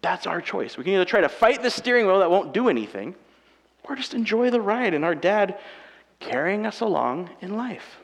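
A man in his thirties delivers a conversational sermon in a church auditorium, his fairly high voice carrying a gravelly edge. He drifts from quiet, chatty asides to loud, emphatic declarations. The sound rings with long hall reverb from the sanctuary. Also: very animated, moderate pace. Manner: conversational preaching, swinging between soft asides and loud emphatic passages. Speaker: pastor.

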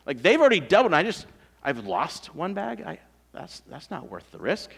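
A man preaching a sermon in a conversational, animated storytelling way, full of asides. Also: on the high side, moderate pace, vocal fry, husky. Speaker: pastor.

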